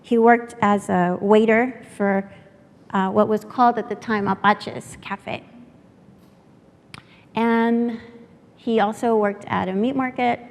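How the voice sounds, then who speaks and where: A woman's voice: mid-range voice, vocal fry. Heartfelt woman telling a story in a reverberant hall. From San Antonio, Texas. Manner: heartfelt, pauses with fillers, grows emotional. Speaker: workshop speaker. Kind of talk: personal storytelling talk. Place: lecture room at a workshop.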